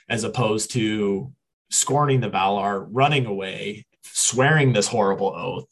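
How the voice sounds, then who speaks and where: A man's voice: lowish voice, unhurried, rough recording. A man co-hosting a podcast, casually retelling a story and paraphrasing the characters, rambling and correcting himself as he goes. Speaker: podcast co-host.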